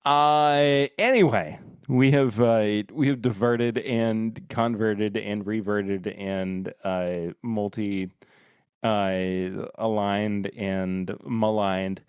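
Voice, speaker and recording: Slow-talking, rambling male podcast host. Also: on the low side, fairly even intonation, smooth, no room sound, clean studio sound. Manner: rambling, joking, halting with fillers. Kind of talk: casual chat.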